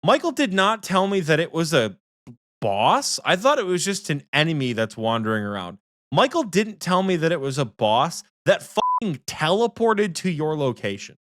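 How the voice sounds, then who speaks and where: A young man co-hosting a gaming podcast, his pitch leaping up and down as he tells stories. He swears freely and bursts into quick impressions of his friend. The studio sound is dry and close. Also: no room sound. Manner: animated storytelling, swearing, mimics friends in quotes. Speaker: podcast co-host. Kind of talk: casual gaming chat.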